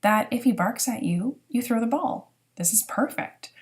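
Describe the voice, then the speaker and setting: A woman giving a recorded lesson as a dog training instructor, explaining step by step in a clear, teaching manner. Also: fairly high pitch, animated, normal speed. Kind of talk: recorded lecture narration.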